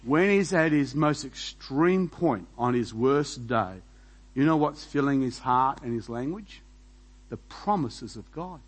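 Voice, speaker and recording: A man preaching a sermon as pastor, animated and full of rhetorical questions, laughing between points. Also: mid-range voice, unhurried, rough recording.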